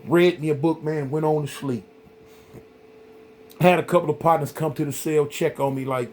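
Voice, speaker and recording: A middle-aged man hosting a vlog, telling a story in a casual, rambling, animated way, full of "man" and "y'all". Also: on the high side, normal speed, pauses often. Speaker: vlog host.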